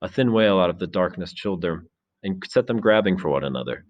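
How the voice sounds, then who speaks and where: A man narrating a novel aloud in a measured, dramatic storytelling manner. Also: deep voice, animated, lo-fi sound. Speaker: teacher reading a novel aloud. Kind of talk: expressive audiobook narration.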